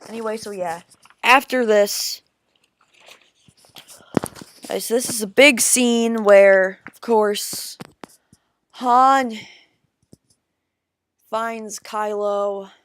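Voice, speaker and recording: A woman giving a casual film review, rambling and excitable, with frequent restarts, calling her viewers "guys". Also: fairly high pitch, slight background noise. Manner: rambling, halting with many restarts.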